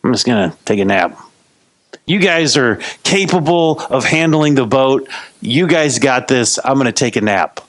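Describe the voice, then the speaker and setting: A man preaching voices a calm, unhurried Jesus who asks pointed questions. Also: medium pitch, no room sound, close to an everyday voice. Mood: relaxed. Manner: relaxed, unhurried, lightly teasing. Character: calm unbothered Jesus, grown man, trusting.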